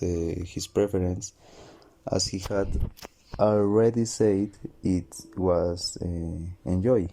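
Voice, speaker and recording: A man with Spanish as his first language presents to a class in a deep, mellow voice. He speaks slowly and carefully, pausing with small fillers between points. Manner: slow, measured, with fillers. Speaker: student presenter.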